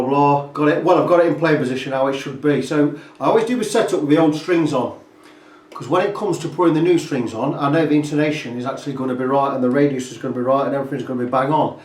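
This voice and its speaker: Guy rambling about a guitar setup, kinda high voice, roomy workshop echo. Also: fast, darkish tone. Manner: rambling, chatty, fills gaps with "blah blah". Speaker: guitar repair technician. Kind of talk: casual workshop walkthrough. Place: repair workshop. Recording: roomy, distant workshop sound.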